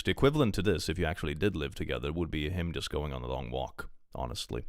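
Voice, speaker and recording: Deep-voiced man ranting on stream. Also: animated, quick pace, hardly any pauses, dry recording, clean studio sound. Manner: reads posts aloud then rants about them, swears freely. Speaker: streamer reacting to online posts. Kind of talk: casual live-stream commentary.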